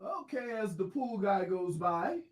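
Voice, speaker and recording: A man's voice: high-pitched, sing-song, a little slow, reverberant. A man co-hosting a sports radio show, rambling and thinking aloud in casual banter. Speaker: radio co-host.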